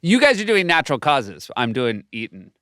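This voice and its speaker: A man co-hosts a podcast with a playful, teasing manner. His voice is bright and smooth, with lively swings in pitch. The recording is close and dry. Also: no echo. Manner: playful, joking, quick to laugh. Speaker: podcast co-host. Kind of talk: casual podcast chat.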